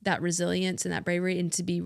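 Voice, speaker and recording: A woman co-host with a slightly low voice speaks earnestly in casual talk among friends. She affirms the others warmly, laughs often, and sounds close to the mic in a dry room. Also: completely flat delivery, fast, creaky, no room sound. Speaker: podcast co-host.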